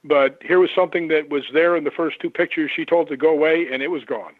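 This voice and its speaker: A man who investigates the paranormal, telling lively stories and acting out the voices of the people in them. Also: on the high side, fast talker, no room sound. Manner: animated anecdotes, acts out quoted voices. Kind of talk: storytelling on a radio call-in. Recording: tinny phone line.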